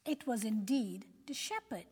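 A woman narrating a children's Bible story in an earnest, gentle preaching tone. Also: on the high side, expressive, measured pace, breathy edge. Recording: long hall reverb.

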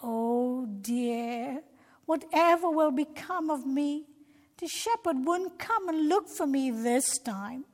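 A woman's voice: high voice, lively intonation, slow. A woman voicing a bored, disobedient young male sheep in a plaintive, whiny tone. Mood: despairing. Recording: long reverb.

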